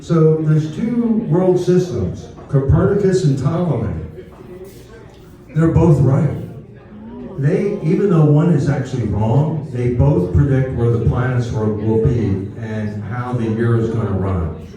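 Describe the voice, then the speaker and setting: Man, history speaker, casual and digressive, dark mellow tone, far off-mic in a big echoey room. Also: medium pitch, animated, a little slow. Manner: chatty, digressive, asks "okay?" often. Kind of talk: informal history talk to a live audience.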